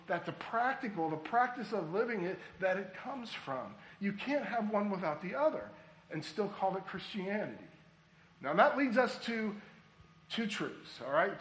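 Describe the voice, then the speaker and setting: A man's voice: sits high, fairly bright tone, echoey room, low-quality recording. A man preaching a sermon as pastor, building to emphatic points and leading the congregation in repeating a phrase. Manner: preaching with rising emphasis and call-and-response.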